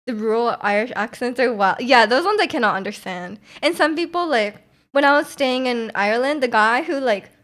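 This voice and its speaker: In a slightly high, somewhat bright voice, a young woman streamer reads chat messages and chats casually with her viewers. She rambles, fills her speech with "like," starts sentences over, and laughs often.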